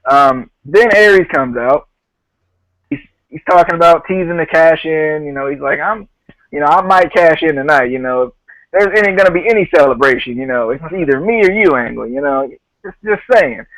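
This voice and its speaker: A man hosts a casual podcast recap, retelling what people said in a loose, joking way. His voice sits a little high. The sound is dry and close, with no room around it. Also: fairly bright tone, dry recording, poor audio. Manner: laughs often, quotes others in a loose retelling. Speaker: podcast host.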